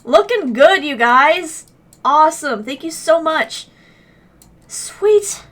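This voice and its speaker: High, bright-voiced excitable woman streamer. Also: takes it slowly. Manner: gushing and excitable, reacting aloud to chat. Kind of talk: casual live-stream chat.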